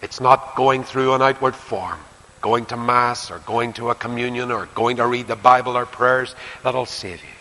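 An older man with a Northern Irish accent preaching a sermon and leading prayer, earnest, swinging between emphatic lines and hushed near-whispers. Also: medium pitch, fairly even intonation, moderate pace. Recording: long hall reverb, faint hiss.

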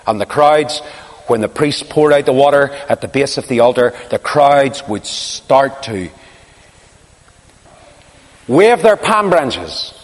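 A man preaching a sermon, telling a story dramatically, swinging from hushed asides to crying out. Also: medium pitch, expressive, slow pace, long pauses. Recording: long hall reverb.

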